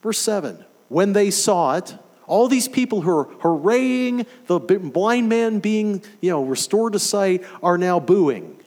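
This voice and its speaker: Man, preacher, sermon, animated, emphatic, rhetorical questions, lively pitch, long reverb. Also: a little slow.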